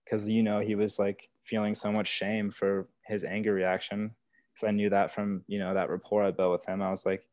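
A man's voice: fairly low pitch, level tone, moderate pace, darkish tone, dry recording. A young man telling stories from his work as a wilderness therapy guide in casual, earnest podcast talk, full of "like" and "you know". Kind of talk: casual conversational storytelling.

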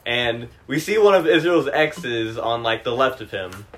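A man's voice: medium pitch, expressive, unhurried, fairly bright tone. A young man co-hosting a casual podcast with friends, telling stories in a slangy, laid-back way. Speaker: podcast co-host. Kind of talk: casual chat among friends.

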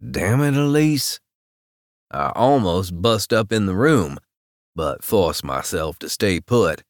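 A man narrating a romance audiobook in the first person, with a low-key, wry inner voice. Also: lively intonation, slow, no echo, clean studio sound.

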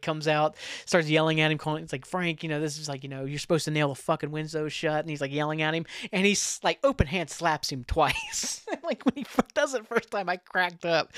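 A man with a slightly high voice hosts a podcast in loose, casual chat. He rambles through his thoughts, piles on filler words and breaks into laughs now and then. The sound is dry and close. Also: fairly bright tone, smooth, no room sound. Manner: laughs while telling. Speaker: podcast host.

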